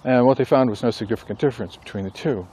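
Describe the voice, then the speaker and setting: A man who writes books and teaches a class, talking casually and thinking aloud with pauses and self-corrections. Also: medium pitch, dark tone, a little hiss or hum. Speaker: author and instructor. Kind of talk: casual rambling monologue.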